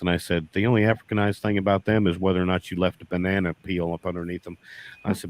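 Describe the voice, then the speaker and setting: Man, low voice, folksy beekeeper telling stories. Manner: folksy, repeats "I said" in quoted dialogue. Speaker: beekeeper guest. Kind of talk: casual storytelling.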